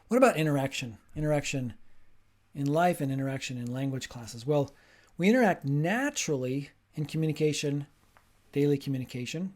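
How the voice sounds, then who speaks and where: A man, a linguistics professor, giving a short talk on teaching in a clear, emphatic lecturing manner. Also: mid-range voice, a little mellow.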